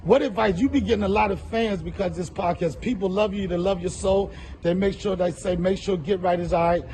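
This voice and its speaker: A middle-aged man hosting a comedy podcast, brash, profane and joking, often slipping into a loud hype voice. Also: sits high, a little fast, a little hiss or hum. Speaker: podcast host.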